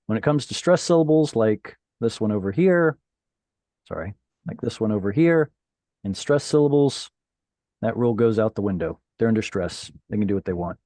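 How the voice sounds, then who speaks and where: A man's voice: lowish voice, lively intonation, moderate pace, warm tone, no room sound. A man teaching a Hebrew class over a video call, patiently explaining and quizzing his students.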